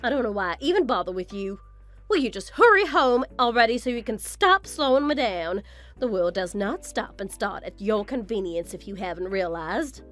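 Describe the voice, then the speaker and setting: A woman's voice: mid-range voice, animated, moderate pace, a bit bright, natural voice. A woman voicing a vain, condescending mother-in-law in a scripted story drama. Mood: scornful. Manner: condescending, boastful, theatrical. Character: haughty vain older mother-in-law, scornful.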